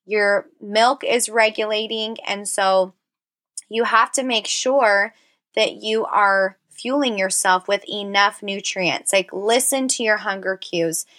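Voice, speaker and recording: A woman's voice: medium pitch, slow, a bit bright. A woman in her thirties, a personal trainer hosting her own podcast, talking casually and encouragingly, with frequent fillers like "like". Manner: encouraging, heartfelt, chatty with frequent "like".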